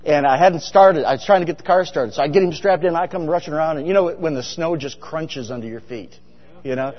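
On the high side and a little fast, a middle-aged pastor's voice carries a light, story-filled sermon. He's chatty, frequently asking the congregation questions, and the recording is dull with long hall reverb.

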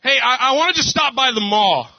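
A man's voice: very high-pitched, expressive, a little fast, voice pushed up. A man voicing his wife as a thrifty, scolding woman in a sermon story. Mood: coaxing. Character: nagging wife, thrifty and firm. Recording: dull dry lo-fi.

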